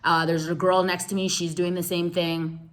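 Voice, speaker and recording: A woman telling a story casually to her viewers, animated and slangy, laughing as she goes. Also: lowish voice, moderate pace.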